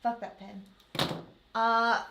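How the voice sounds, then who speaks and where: A woman's voice: on the high side, flat delivery, slow, creaky, background noise. A woman co-hosting a casual podcast, reading items off a list in a chatty, giggly way. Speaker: podcast co-host. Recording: roomy room echo.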